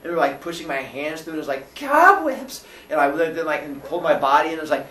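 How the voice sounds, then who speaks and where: A man's voice: on the high side, flat delivery, racing, roomy sound, recorded from a distance, very noisy. A man telling a comic story about his own childhood, acting out the voices of those in it with squeals and laughter.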